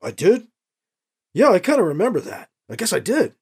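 A man's voice: high voice, huge pitch swings, moderate pace, darkish tone, husky, pitched above the performer's own voice, heavily acted. A man voicing a middle-aged former politician who talks in a rambling, chatty way in a storybook reading.

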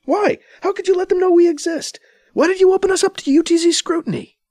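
A man voicing a grieving, sharp-tongued young woman scientist, in a high, strained and emotional voice. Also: wildly swooping pitch, moderate pace, no echo, studio quality, exaggerated voice. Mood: angry.

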